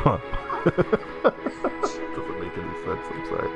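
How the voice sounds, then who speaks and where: A man's voice: on the low side, steady tone, slow pace, vocal fry. A young man streaming a game, rambling casually, swearing, and laughing at his own jokes while reading chat. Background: music.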